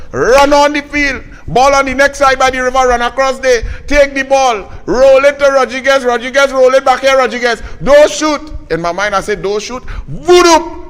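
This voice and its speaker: A man with a Trinidadian accent hosting a live political talk show, telling stories in lively Creole and mocking his opponents. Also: extremely high pitch, clear, resonant tone. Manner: animated Creole storytelling, scornful toward opponents. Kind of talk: live political commentary and storytelling. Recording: long reverb.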